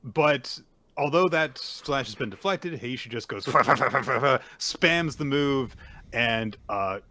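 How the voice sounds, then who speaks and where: A man's voice: medium pitch, lively intonation, slow pace, bright, forceful tone, dry recording. A man co-hosting a manga recap podcast, recounting the chapter casually, swearing freely and acting out the characters. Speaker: podcast co-host.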